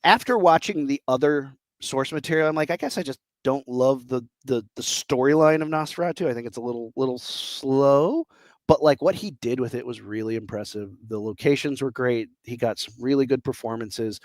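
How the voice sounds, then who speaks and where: A man's voice: medium pitch, brisk, few pauses, no room sound. A man in his thirties co-hosting a casual podcast chat, enthusiastic and rambling, often acting out what people said. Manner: enthusiastic, rambling, acts out quotes. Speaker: podcast co-host.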